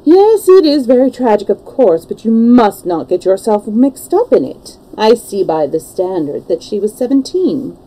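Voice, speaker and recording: A woman's voice: mid-range voice, big pitch swings, normal speed, few pauses, dark tone, poor audio. A woman reading the part of a worldly, cynical English lord in a storybook, languid and matter-of-fact. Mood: breezy.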